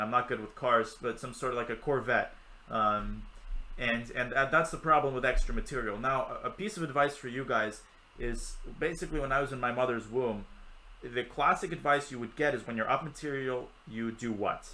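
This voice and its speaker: Young male chess streamer, bright, chatty, jokes with chat between moves. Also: medium pitch, poor audio. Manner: chatty, jokey, answers chat while teaching. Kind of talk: live chess commentary on a stream.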